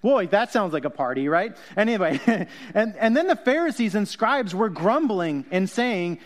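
A man's voice: high voice, sing-song, moderate pace. A man preaching a conversational sermon, joking, laughing and correcting himself as he goes. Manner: jokey, self-correcting, laughs often. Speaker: pastor.

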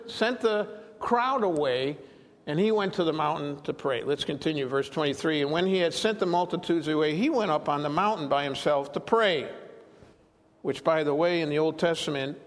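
Animated preacher in a reverberant hall. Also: male voice, fairly high pitch, normal speed. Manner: animated, acts out quoted lines. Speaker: pastor. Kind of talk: expository sermon.

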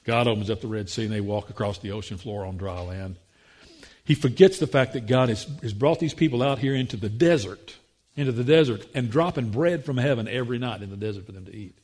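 Husky-voiced man preaching a sermon. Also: a little fast. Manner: acts out voices in quotes, rising excited pitch.

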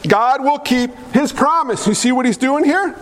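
High-voiced preacher in an echoey hall. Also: male voice, normal speed. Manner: energetic, joking, asks the congregation questions. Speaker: pastor. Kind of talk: sermon. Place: church hall. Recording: echoey hall with faint noise.

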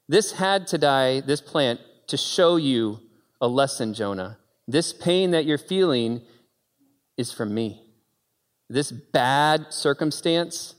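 A man preaching a sermon, moving between quiet storytelling and loud, high-pitched exclaiming. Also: lively intonation, slow pace, in a large hall. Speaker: pastor.

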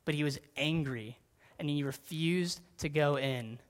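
A man's voice: fairly high pitch, unhurried. A man preaching casually, often saying "like" and asking his listeners direct questions. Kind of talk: sermon.

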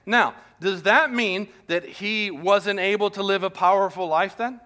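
A man preaching a sermon as pastor, telling a personal story and shifting into quiet, intimate tones. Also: high voice, normal speed, few pauses.

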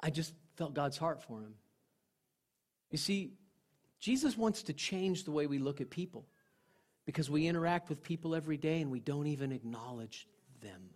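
A male pastor preaching a sermon, telling personal stories in an earnest way, dropping to a hush and then rising again. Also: fairly high pitch. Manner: earnest storytelling, swinging from loud to hushed.

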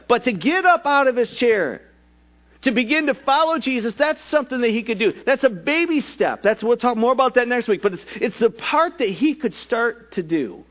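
A man's voice: extremely high pitch, lo-fi sound. A male pastor preaching a sermon at a church service, putting rhetorical questions to the congregation.

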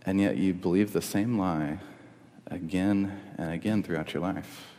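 A man's voice: low-pitched, steady tone, measured pace, warm tone. A young man preaching a sermon as pastor, earnest and conversational, in a church hall. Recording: long reverb of a hall.

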